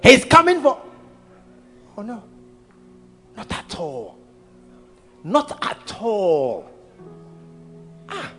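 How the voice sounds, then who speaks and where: A man's voice: high-pitched, huge pitch swings, drawn-out words, long pauses, fairly bright tone, faint music behind. A man preaching a playful, storytelling sermon, laughing as he goes.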